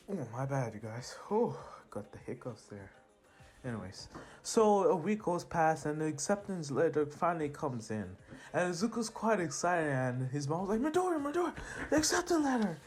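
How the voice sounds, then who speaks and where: A man's voice: fairly high pitch, expressive, moderate pace, darkish tone, soft background music. A teenage boy narrating a fan-made superhero story in a casual, rambling way with laughing asides and slang.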